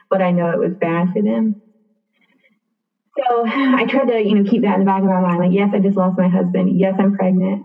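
A young woman recounts her story in a loose, chatty way, full of fillers and little acted-out bits of dialogue. Her voice sits at an ordinary middle pitch. It comes through thin and narrow, like a phone line. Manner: chatty, many fillers, acts out quoted dialogue. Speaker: interview guest. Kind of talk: casual personal storytelling.

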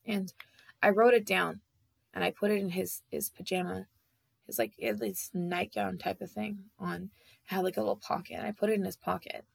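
A woman with a strongly gravelly, husky voice tells a personal story. She speaks haltingly, with many fillers and restarts, in a dry, close sound with no room echo. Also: mid-range voice.

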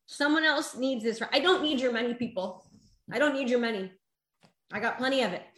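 A woman coaching her online audience with emphatic, exhorting force and a tearful edge in her voice. She sits a little high for a woman's voice. The sound comes from a rather echoey room. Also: a little fast, a bit bright. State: emotional, tearful. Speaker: motivational coach. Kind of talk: live online motivational talk.

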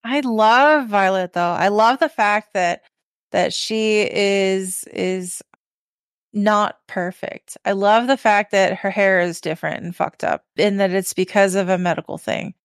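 An emphatic woman co-hosts a casual podcast chat. She draws out her phrases and gushes about what she likes. Her pitch is middling, and the recording is dry and close. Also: unhurried, clean tone, no echo. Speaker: podcast co-host.

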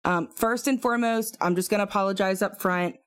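A woman's voice: medium pitch, fairly even intonation, a little fast. A woman co-hosting a casual true-crime podcast, talking in a chatty way with lots of fillers and asides. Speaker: podcast co-host.

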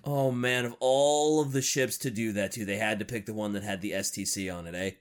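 A man co-hosting a podcast, reacting loudly with swears and lots of "like". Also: on the low side, a little fast. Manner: animated reactions, swears, says "like" often. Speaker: podcast co-host. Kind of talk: casual chat.

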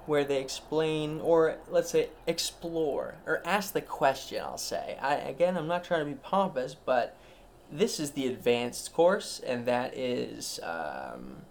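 A man's voice: fairly high pitch, lively intonation, slow pace, creaky, a little hiss or hum. A man hosting a solo podcast, rambling in a meandering, self-interrupting, mock-grand way. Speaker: podcast host.

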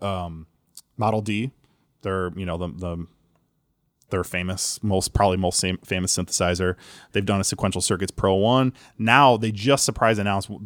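A man with a fairly low voice chats casually as the host of a podcast, rambling and circling back with lots of "uh" and "um." The sound is close and dry, with no room in it. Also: no echo. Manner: rambling, many fillers and restarts.

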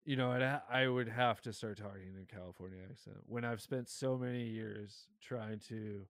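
A man with a Michigan accent, co-hosting a podcast in loose, excitable, profanity-heavy chat. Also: lowish voice, normal speed, no echo, studio quality. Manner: excitable, swears a lot, laughs often. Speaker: podcast co-host.

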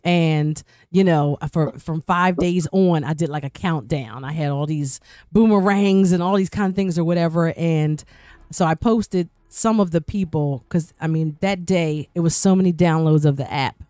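A woman's voice: sits low, normal speed, warm tone, dry recording, clean studio sound. A woman radio personality guest-hosting a podcast, telling a personal story in a talkative way that repeats words, restarts and acts out quoted voices.

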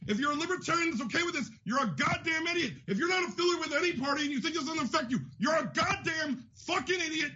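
Male podcast host, very high bright voice, angry profane rant, lo-fi sound. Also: animated, very fast, hardly any pauses. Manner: furious, profane, shouting. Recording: dull lo-fi audio.

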